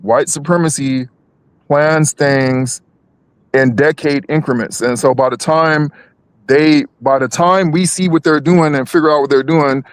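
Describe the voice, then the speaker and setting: A man's voice: a little high, fairly even intonation, a little slow, clean tone, no room sound. A man co-hosting a live stream, talking politics casually, with many restarts and repeated words.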